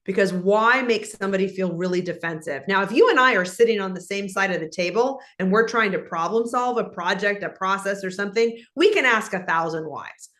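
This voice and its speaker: A woman guest in an interview, speaking in an animated, instructive way and acting out example conversations. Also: mid-range voice, a little fast, few pauses.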